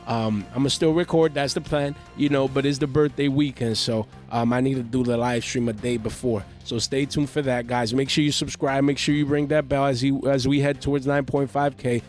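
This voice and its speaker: A man hosting a trading-card market channel, talking in excitable, slangy hype and repeating his catchphrases. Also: medium pitch, brisk, hardly any pauses, soft background music. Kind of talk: hyped market commentary. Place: home.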